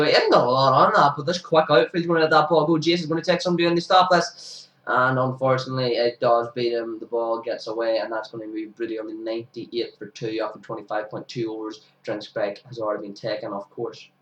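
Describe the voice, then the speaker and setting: A young man, sniffly with hay fever, giving casual commentary over his club's cricket highlights and bursting into excited shouts at big moments. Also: a little fast, hardly any pauses. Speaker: amateur cricket commentator for his own club. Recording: roomy sound, distant from the mic.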